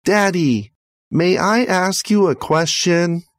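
A man voicing a pleading five-year-old boy in a high, earnest voice, in a storybook reading. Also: takes it slowly, no echo. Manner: small, earnest, high-pitched.

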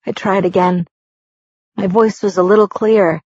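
A woman with a husky voice reading a first-person novel aloud, voicing the dialogue as she goes. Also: fairly low pitch, fairly even intonation, normal speed, darkish tone, no room sound. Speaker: audiobook reader. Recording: dull lo-fi recording.

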